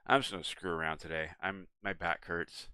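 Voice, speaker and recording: A young man streaming a game, chatting to viewers in a relaxed, rambling way and yawning now and then. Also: low voice, fairly quick, smooth, dry recording. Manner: relaxed, rambling, talks to chat and his cat. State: yawning, tired. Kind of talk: casual live-stream chat.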